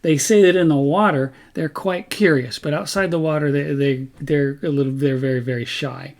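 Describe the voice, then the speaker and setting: A man's voice: on the high side, fairly even intonation, moderate pace. Chatty man narrating an outdoor nature vlog. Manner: chatty, wanders and corrects himself mid-sentence. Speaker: vlog host.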